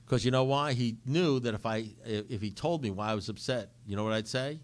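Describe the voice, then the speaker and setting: A middle-aged man giving a recovery talk, telling his story with animated acted-out dialogue. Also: medium pitch, brisk, hardly any pauses. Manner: animated storytelling, acts out both sides of dialogue. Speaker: recovery speaker.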